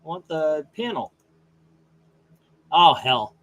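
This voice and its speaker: A man's voice: mid-range voice, unhurried. A man hosting a comic book channel who chats casually in a rambling, folksy way and grumbles at his screen between readings.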